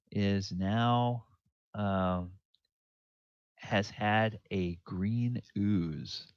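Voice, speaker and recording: A low-voiced man narrates a tabletop game as dungeon master, pausing often with ums and restarting his sentences. He talks very slowly. The recording is dry and slightly muffled. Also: no echo. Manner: halting, full of ums and restarts. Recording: dull lo-fi dry sound.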